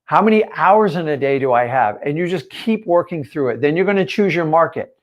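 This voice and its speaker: A man's voice: fairly high pitch, expressive, fairly quick, dull audio. A man teaching in a live stream, punchy and emphatic, firing rhetorical questions at his viewers. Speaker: real estate coach.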